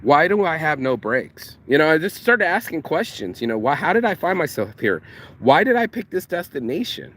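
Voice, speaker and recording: A man's voice: a little high, big pitch swings, normal speed, fairly bright tone. A man giving a casual motivational monologue, slangy and profane, who stumbles over repeated words when he gets going. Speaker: motivational vlogger.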